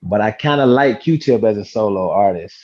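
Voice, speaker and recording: A man in a casual podcast debate, talking in a relaxed, hesitant way and tacking "man" onto his sentences. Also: fairly low pitch, normal speed, dull audio. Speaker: podcast co-host.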